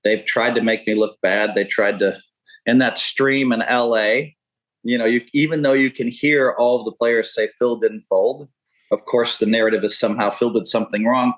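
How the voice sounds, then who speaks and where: A man's voice: mid-range voice, steady tone, normal speed, low-quality recording. A man in his fifties, a poker pro talking as a podcast guest, rambling and candid with frequent profanity. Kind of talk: casual interview talk.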